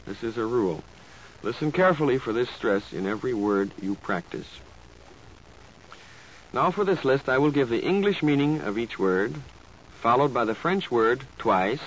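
A man teaching pronunciation in slow, carefully enunciated scripted narration, like an old instructional tape. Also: mid-range voice, expressive. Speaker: language teacher. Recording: dull lo-fi tape with faint hiss.

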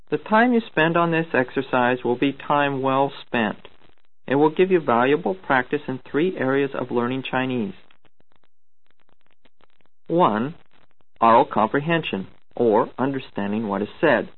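A man reading scripted instructions for a language course in a measured, formal way. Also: medium pitch. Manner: measured, formal, announcing cues. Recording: tinny narrow-band tape recording.

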